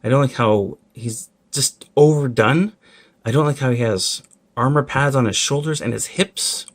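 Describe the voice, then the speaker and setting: A man reviewing collectible toys in a casual vlog, candid and complaining with frequent apologetic asides. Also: mid-range voice.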